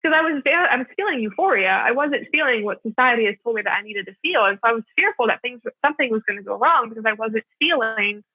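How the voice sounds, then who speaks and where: A woman's voice: fairly high pitch, expressive, quick pace, hardly any pauses, slightly rough, dry recording. A young adult woman telling a personal story as a podcast guest, chatty and full of filler words. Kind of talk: casual storytelling. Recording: tinny phone-line audio, dry.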